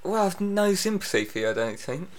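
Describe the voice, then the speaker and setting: A man's voice: high voice, sing-song. A man in casual comedic chat, teasing his co-host and joking often. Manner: teasing, quick with jokes and laughter.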